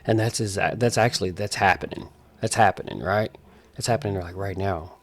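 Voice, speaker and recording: A man's voice: low voice, fairly quick. A man in his forties talking casually to camera in an emphatic, repetitive, preachy way. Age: 40s. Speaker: vlogger.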